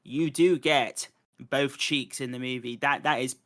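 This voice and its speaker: Bright-voiced man rambling through a film review. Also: medium pitch, steady tone, unhurried. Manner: rambling, with many restarts and fillers. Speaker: podcast host. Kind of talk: casual film review chat.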